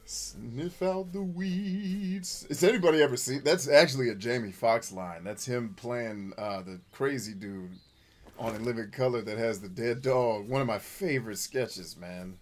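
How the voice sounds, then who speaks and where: A man hosting casual gameplay commentary, joking crudely and yelling at characters on screen. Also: mid-range voice, moderate pace. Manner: crude, goofy joking, shouting at the game. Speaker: gaming channel host.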